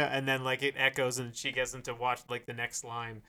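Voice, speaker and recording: A man's voice: mid-range voice, level tone, fairly quick, bright, forceful tone, clean tone. A man co-hosting a casual music podcast, rambling with lots of fillers and restarts. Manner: rambling, hesitant, many fillers. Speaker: podcast co-host. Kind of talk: casual chat.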